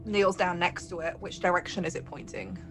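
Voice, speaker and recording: A woman's voice: on the low side, fairly even intonation, fairly quick, low-quality recording. A woman playing in a tabletop game, chatty and thinking aloud. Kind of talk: casual chat.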